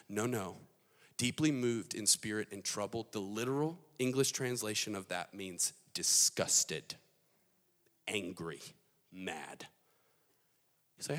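Male pastor, animated and emphatic sermon, bright, forceful voice, long hall reverb. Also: fairly low pitch, unhurried. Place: large hall.

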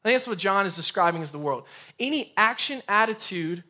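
A young man preaching a sermon in a conversational, energetic way with casual asides, speaking in an empty room. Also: sits high, fairly quick. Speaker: pastor.

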